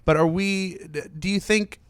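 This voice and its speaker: An American man hosts a radio interview, talking with excitable energy and breaking into loud laughs. His voice is smooth and a little higher than most men's. The studio sound is dry and close. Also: normal speed, no echo. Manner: laughs loudly and often, excitable. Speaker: radio show host. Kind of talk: casual interview chat.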